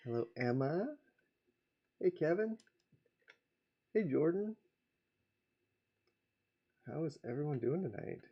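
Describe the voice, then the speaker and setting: A man's voice: a little high, slow, pauses often, breathy edge, muffled recording. A man hosting a casual livestream, chatting easily with viewers and greeting them by name. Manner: relaxed, greets chat by name, chuckles often. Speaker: livestream host, comic artist.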